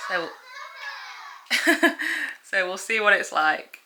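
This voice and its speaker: Speaking extremely slowly, this woman has a mid-range voice with big pitch swings. She's a vlogger with a Northern English accent, chatting casually to camera in her kitchen at home, quick to laugh and mock-outraged about trivial things, with clear household background noise.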